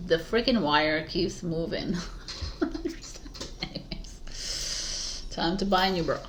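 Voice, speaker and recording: A woman's voice: fairly low pitch, takes it slowly, long pauses, slight background noise. A woman reading tarot cards for the viewer, musing and affirming, with giggly, rambling, self-mocking asides. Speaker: tarot reader. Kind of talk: tarot card reading to camera.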